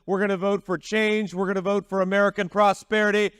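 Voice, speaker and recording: A man's voice: high voice, level tone, fast talker, fairly bright tone, clean tone, no room sound, clean studio sound. A man giving a campaign rally speech, talking in a folksy, repetitive way with frequent restarts. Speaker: political candidate at a rally.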